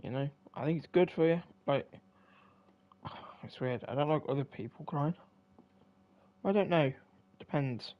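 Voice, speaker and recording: A man's voice: fairly high pitch, measured pace, long pauses, lo-fi sound. A young man, tired and yawning, rambling casually with many fillers while he streams a game. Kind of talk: casual commentary while playing.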